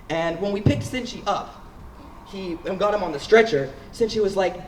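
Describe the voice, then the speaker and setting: A man's voice: sits high, brisk, slight background noise. Playful teenage boy telling a story. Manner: lively, playful, casual. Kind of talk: live storytelling. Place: school auditorium stage. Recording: roomy hall, mic far off.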